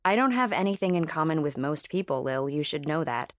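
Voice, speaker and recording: A woman's voice: deep voice, expressive, fairly quick, no room sound. Awkward, dry young male scientist, voiced by a woman narrator. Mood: reserved.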